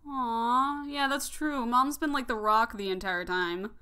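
A young woman hosting a let's play, reacting to the story in an expressive, gushing way. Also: a little high, measured pace, smooth. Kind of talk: emotional gameplay commentary. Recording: music playing underneath.

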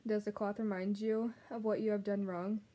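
A woman voicing a cunning male rat who speaks softly and formally. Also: medium pitch, little pitch movement, normal speed, natural voice. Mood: probing. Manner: soft, silky and formal.

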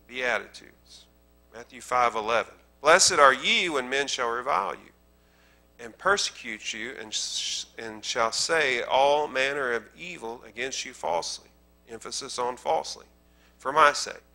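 Emphatic Southern preacher with a bright voice. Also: male voice, medium pitch, unhurried. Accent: Southern American. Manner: conversational preaching that swells into emphatic repetition. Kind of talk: sermon. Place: church sanctuary.

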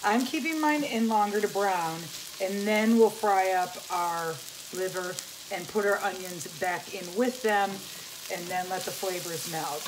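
A home cooking channel host gives a demonstration in her kitchen, chatting viewers through each step in a measured, mid-range voice. A sizzling pan makes loud noise throughout.

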